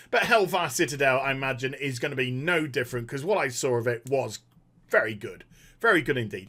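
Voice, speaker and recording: A man's voice: on the high side, bright, forceful tone. Guy ranting about a game, sarcastic and sweary, voice all over the place. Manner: sarcastic, swears freely, mocking impressions. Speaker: gaming commentator. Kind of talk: animated opinion rant.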